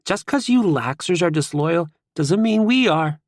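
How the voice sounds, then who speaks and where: A man's voice: on the high side, animated, measured pace, no room sound, voice pushed up. A playful young college athlete, as a man acts him out for an audiobook. He speaks eagerly in a lifted voice, dry and close to the mic. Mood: defiant.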